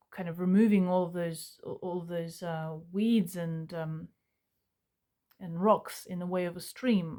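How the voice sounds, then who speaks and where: This is a young woman, her voice sitting a little low. She talks to camera in an earnest, searching way. Her sentences stop and restart, with plenty of fillers along the way. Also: a little mellow. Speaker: self-help vlogger. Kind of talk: reflective personal talk to camera.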